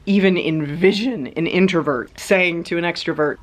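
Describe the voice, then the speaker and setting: A woman's voice: fairly low pitch, normal speed, hardly any pauses. A woman vlogger chatting casually, rambling with lots of hedges and fillers. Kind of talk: casual chat.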